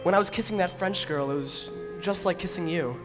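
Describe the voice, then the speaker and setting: Guy doing a lovesick groom, pleading, high voice, music going behind, echoey hall. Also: brisk, natural voice. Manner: sincere, pleading. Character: earnest, lovesick young male groom. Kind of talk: amateur stage musical acting. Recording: reverberant stage hall.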